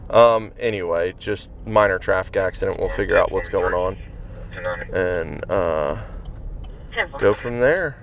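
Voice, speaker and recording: A man's voice: low-pitched, unhurried, noisy background. A male police officer narrating calls and questioning a driver in a laid-back, matter-of-fact way. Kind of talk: casual on-duty narration and questioning.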